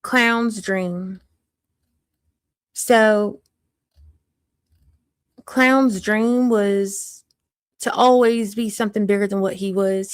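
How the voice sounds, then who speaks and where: A woman's voice: fairly high pitch, no room sound. Woman putting on a blunt Southern country mom. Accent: put-on Southern country accent. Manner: blunt gossipy storytelling, crude jokes. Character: crass small-town country mother of three. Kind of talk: live-streamed character monologue.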